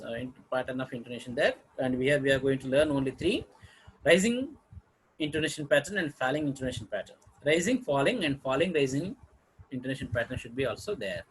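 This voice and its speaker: A man teaching a lesson on intonation, explaining slowly with pauses and fillers and clearing his throat now and then. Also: on the high side, a bit bright, poor audio. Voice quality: husky, clears throat often. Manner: slow, halting explanation with fillers and repeated example phrases. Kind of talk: lecture on intonation.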